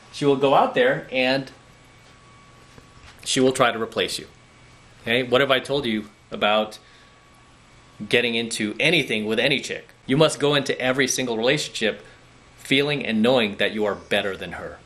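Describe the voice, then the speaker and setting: A man's voice: medium pitch, fairly bright tone. A man speaking as a dating coach in a direct-to-camera monologue, lecturing bluntly and often checking in with "okay?" and "right?".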